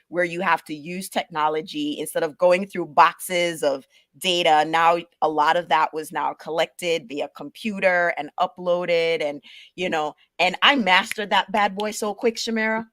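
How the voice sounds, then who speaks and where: Jamaican-born woman guest, lively storyteller, dry close mic. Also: fairly low pitch, measured pace, no room sound. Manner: animated storyteller who acts out quoted voices. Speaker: guest, paralegal manager. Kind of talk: conversational interview storytelling.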